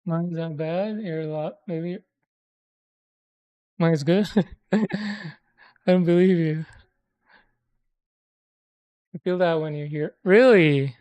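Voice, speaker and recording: A woman in casual conversation, speaking in a relaxed, thoughtful way. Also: fairly low pitch, slow, long pauses. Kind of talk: casual chat.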